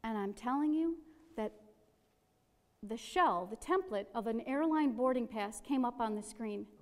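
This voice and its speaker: A woman's voice: on the high side, lively intonation, measured pace. Middle-aged woman telling a story in a reverberant hall. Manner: gentle, humorous storytelling. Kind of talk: personal storytelling.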